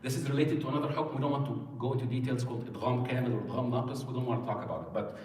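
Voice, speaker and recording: Man teaching a recitation class, heard from far off in a big echoing hall, even mid-range pitch. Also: very fast. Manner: patient, asks students questions. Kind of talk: classroom lesson. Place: mosque hall. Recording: echoey hall, mic far off.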